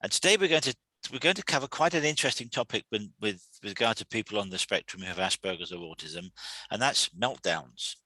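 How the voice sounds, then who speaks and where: A man hosting a weekly talk series, explaining calmly in a halting way, often repeating words and restarting. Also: on the low side, no echo. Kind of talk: solo talk to camera.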